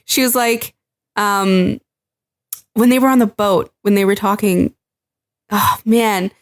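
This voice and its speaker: A woman co-hosting a casual podcast, animated and acting out what people say. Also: mid-range voice, takes it slowly. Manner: animated, acts out quoted lines. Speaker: podcast co-host. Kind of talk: casual chat.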